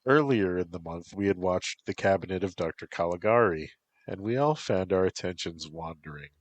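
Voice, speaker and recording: A man's voice: sits low, animated, moderate pace, dry recording. A man reading a first-person story aloud as a wry college woman narrator. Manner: dry, wry asides. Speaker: story reader.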